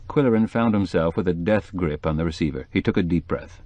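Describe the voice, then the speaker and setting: A man reading a mystery novel aloud as audiobook narrator, expressive storytelling. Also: deep voice, a little fast, few pauses, no room sound. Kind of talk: scripted narration.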